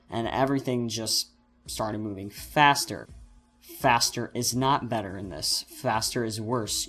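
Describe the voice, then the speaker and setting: A teenage boy hosting a casual storytime vlog, rambling and correcting himself as he tells an animated story. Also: medium pitch. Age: teens. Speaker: channel host.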